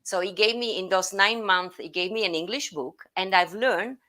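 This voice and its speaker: A woman's voice: medium pitch, normal speed, bright, forceful tone. An Italian woman with an Italian accent, hosting a casual live-stream chat from home, talking animatedly with many restarts. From Italy. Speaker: host.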